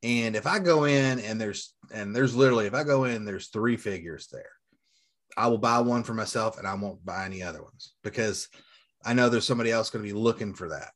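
Brisk and lowish-voiced, a toy collector and seller in his forties launches into animated, rambling stories laced with profanity during casual conversation.

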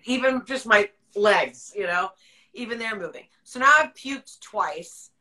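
A woman tells a story in a loose, chatty way, as on a livestream. Her voice is bright and crisp, her pitch sits in the middle, and she laughs easily, swears without a second thought and slips into the voices of the people she quotes. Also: animated, unhurried, rough recording. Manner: candid, laughs often, swears freely. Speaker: podcast host.

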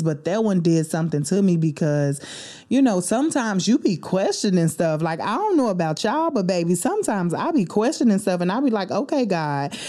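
A woman's voice: lowish voice, warm tone. A young woman hosting a faith-based solo podcast from a studio, speaking in an emotional, preachy way and calling listeners baby and homegirl. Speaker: podcast host. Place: recording studio.

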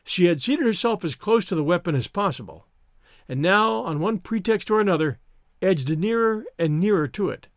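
A man narrating a historical story as a scripted audiobook, measured and expressive. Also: high voice, no room sound, studio quality.

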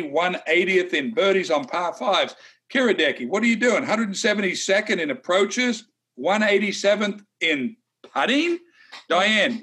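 A man's voice: fairly high pitch, bright, forceful tone. A middle-aged man, a former tour player, co-hosting a casual golf betting chat, blunt and opinionated with some teasing.

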